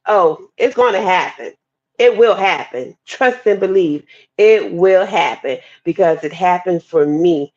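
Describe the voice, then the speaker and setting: Woman, mid-pitched voice, animated testimony storyteller, muffled podcast audio. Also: a little slow. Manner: lively, expressive, addresses listeners as y'all. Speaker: guest speaker sharing testimony.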